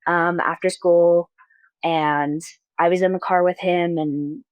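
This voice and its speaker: Young woman guest, lowish pitch, dry close sound, hesitant with many fillers. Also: fairly even intonation, slow, clean tone, dry recording, highs cut off. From Mormon-majority town in the US. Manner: soft, hesitant, many likes and restarts. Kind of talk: personal storytelling interview.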